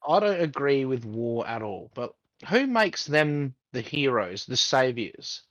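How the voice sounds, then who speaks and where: A man's voice: medium pitch, sing-song, a little slow, a bit bright, no echo, muffled recording. A man co-hosting a casual podcast chat, ranting heatedly with heavy swearing. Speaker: podcast co-host.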